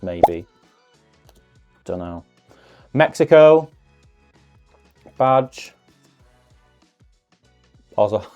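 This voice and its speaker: Low-voiced chatty man. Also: mellow. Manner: chatty, musing asides with self-deprecating humour. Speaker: card-opening video host. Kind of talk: casual unboxing commentary.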